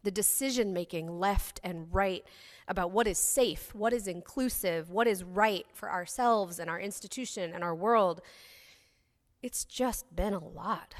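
A woman's voice: medium pitch, measured pace. A woman pastor in her thirties speaks frankly and earnestly to her congregation, as if confiding in them. Her voice rings out in a hall with a long, echoing tail. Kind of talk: sermon. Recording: reverberant hall sound.

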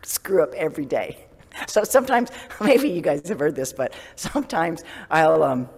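A man giving a casual sermon as a Zen priest, self-deprecating and laughing often, dropping to a soft whisper for gentle self-talk. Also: a little high, big pitch swings, normal speed, creaky, breathy edge, in a large hall.

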